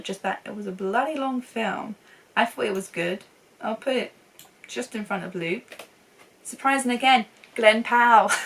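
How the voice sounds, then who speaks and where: A woman's voice: mid-range voice, a bit bright, far from the mic, poor audio. A young woman chatting casually and enthusiastically as a film reviewer, laughing often. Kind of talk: casual chat.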